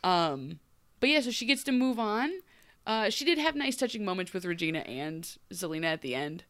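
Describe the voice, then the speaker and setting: A woman's voice: mid-range voice, big pitch swings, normal speed, a bit bright, no echo. Chatty woman podcast co-host, dry sound. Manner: gushing, laughs often, acts out characters' lines. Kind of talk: casual chat.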